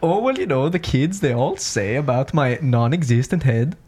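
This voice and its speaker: A man's voice: mid-range voice, animated, moderate pace, darkish tone, slightly rough. A man doing a prim, easily offended headless cousin. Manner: polite, wounded, mock-formal. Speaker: improv comedian.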